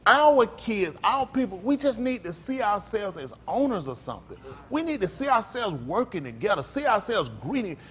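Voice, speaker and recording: Male pastor, high and very animated delivery, preacherly. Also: moderate pace, few pauses. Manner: emphatic, preacherly, rising to loud outbursts.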